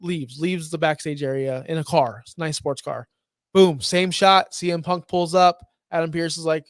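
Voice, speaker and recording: A man co-hosting a wrestling podcast, opinionated and animated, acting out quotes as he recaps. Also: fairly high pitch, normal speed, dry recording, studio quality. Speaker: podcast co-host. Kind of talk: casual wrestling podcast chat.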